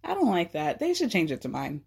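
A woman's voice: fairly low pitch, huge pitch swings, fairly quick, creaky, darkish tone, slightly rough. A woman giving casual recap commentary with sarcastic asides and frequent laughs. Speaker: recap vlogger.

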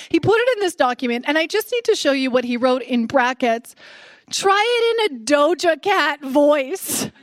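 Brash Canadian comic host, high-pitched, dry and close, playing a live crowd. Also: female voice, no echo. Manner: brash, sarcastic, playful. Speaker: podcast host. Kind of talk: live comedy podcast monologue. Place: stage before a live audience.

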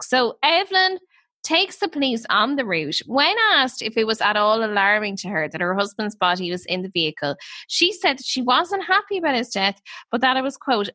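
A woman co-hosting a podcast, telling a true-crime story in casual, lively chat. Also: medium pitch, normal speed, no echo. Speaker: podcast co-host.

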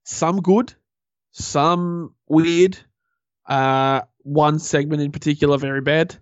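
A man co-hosting a casual podcast, his voice a little high. He gives blunt, opinionated takes and tells stories with animated reactions. The mic is dry and slightly dull, with a touch of muffle. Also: slow pace, clear, resonant tone, dry recording. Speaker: podcast co-host. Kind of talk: casual wrestling chat.

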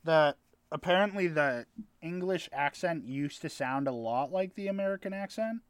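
A man's voice: on the high side, lively intonation, moderate pace, clear, resonant tone, no room sound, clean studio sound. A man telling a rambling story in casual chat with friends, swearing now and then. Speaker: podcast co-host telling a story.

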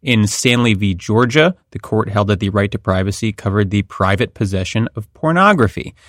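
A man's voice: on the low side, lively intonation, normal speed, no echo, studio quality. A man hosting a podcast, explaining a court ruling in a wry, conversational way. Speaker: podcast host. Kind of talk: legal analysis chat.

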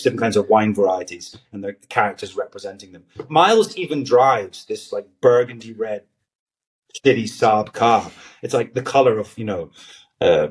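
A man in his forties, a guest actor in a casual podcast chat, rambling and hesitant with many restarts and fillers. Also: fairly low pitch.

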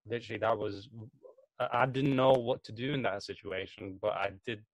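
A man's voice: on the low side, moderate pace, no room sound. A young man from England in casual chat, telling a story in a rambling way with many fillers.

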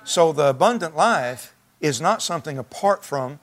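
A male pastor whose voice sits a little higher than most men's preaches to his church congregation at normal speed. His relaxed, folksy, conversational style circles back and restarts as he thinks aloud.

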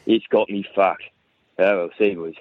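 A man's voice: sits low, fairly even intonation, moderate pace, dry recording, narrow, tinny audio. A man leaving a profane, incredulous voice message as a caller. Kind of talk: ranting voice message.

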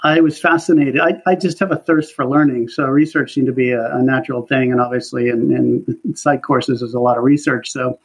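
A man working in market research, telling career stories in a relaxed interview, chatty and full of fillers. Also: mid-range voice, brisk, hardly any pauses, breathy edge. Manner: chatty, animated storytelling with laughs and many fillers. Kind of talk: casual interview conversation. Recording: dull lo-fi audio.

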